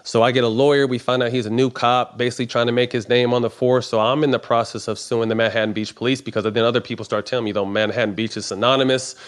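A man's voice: medium pitch, little pitch movement, quick pace, hardly any pauses. Male athlete, casual storytelling, profane, plays out the exchanges in his story. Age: adult. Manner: profane, quotes both sides of conversations. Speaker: professional basketball player.

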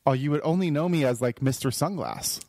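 A man co-hosting a casual podcast chat, relaxed and wry, telling stories. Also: medium pitch, fairly quick, no echo. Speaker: podcast co-host.

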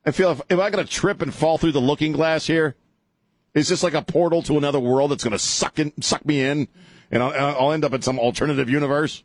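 Man, middle-aged, talk radio host, husky, dry studio sound. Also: on the high side, fast, dry recording. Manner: rambling, jokey, animated, lots of laughs and filler. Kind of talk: casual talk radio banter. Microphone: studio microphone.

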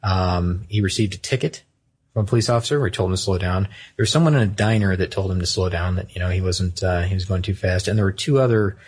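A man's voice: low-pitched, quick pace, a little mellow, breathy edge. A man co-hosting a podcast, casually telling a story from his notes, rambling and correcting himself as he goes. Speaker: podcast co-host.

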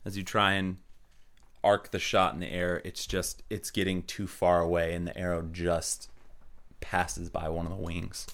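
A deep-voiced man serves as game master for a tabletop game. He narrates in a relaxed, unhurried way, filling his turns with small pauses and fillers.

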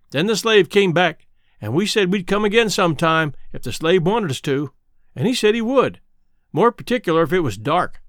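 A man's voice: high-pitched, a bit bright, dry recording, clean studio sound. A man reading an audiobook aloud, narrating in a folksy dialect.

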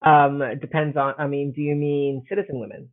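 A man's voice: on the high side, flat delivery, a little fast, no room sound, faint music behind. Man on a tinny, dry line, rambling aloud. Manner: rambling, self-deprecating, thinks aloud with many restarts. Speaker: podcast co-host, classics scholar. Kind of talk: casual academic chat.

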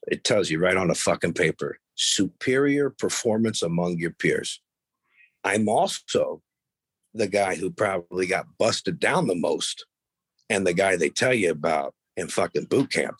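A man's voice: low voice, slightly rough, no echo. A middle-aged man telling blunt, profane stories from his past in casual conversation. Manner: profane, blunt, animated when quoting others. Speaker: podcast guest. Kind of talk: casual storytelling.

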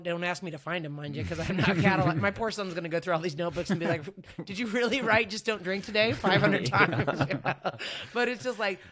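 A woman's voice: lowish voice, fairly bright tone. A woman in her forties, a podcast guest, talking in a candid, rambling, self-deprecating way and laughing easily at herself. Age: 40s. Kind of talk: candid conversational chat.

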